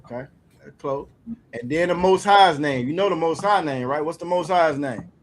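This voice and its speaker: Brief: male teacher, fairly high voice, patient and encouraging, online class. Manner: encouraging, repeats words slowly for practice.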